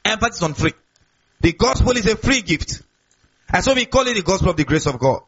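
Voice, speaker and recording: High-voiced husky preacher, lo-fi sound. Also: male voice, very animated, fairly quick, fairly bright tone. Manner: call-and-response preaching, repeats key words. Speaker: pastor. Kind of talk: sermon. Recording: dull lo-fi recording.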